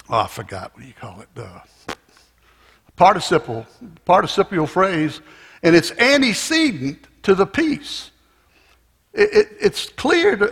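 Slow, higher-voiced male preacher in a hall. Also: a bit bright. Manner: slow, teacherly explaining with restarts and fillers. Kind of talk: sermon. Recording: long reverb of a large hall.

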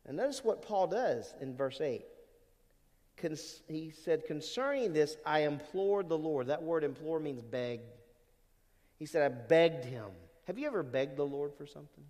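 A man preaching a sermon as pastor, animated, swinging between loud emphasis and quiet asides. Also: fairly high pitch, unhurried. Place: church sanctuary. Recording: long church hall reverb.

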